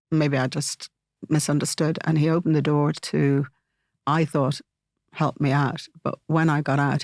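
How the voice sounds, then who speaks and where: A middle-aged woman, an interview guest telling a personal story in a halting way, with many fillers and restarts. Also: sits low, vocal fry, darkish tone, dry recording, clean studio sound.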